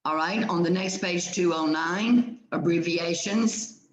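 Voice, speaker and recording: A woman teacher leading a grammar lesson, calling on students and explaining rules in a patient, measured way. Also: fairly low pitch, a little hiss or hum. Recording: roomy echo.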